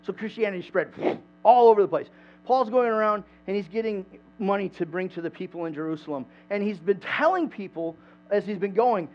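A man preaching a sermon in a church, conversational and animated, asking the congregation questions. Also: high voice, fairly quick. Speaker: pastor. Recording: dull lo-fi sound with mains hum.

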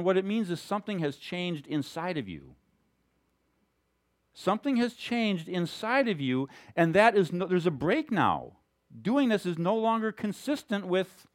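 Animated, lively-voiced male preacher. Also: high voice. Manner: animated, conversational, emphatic. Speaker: pastor. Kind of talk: sermon.

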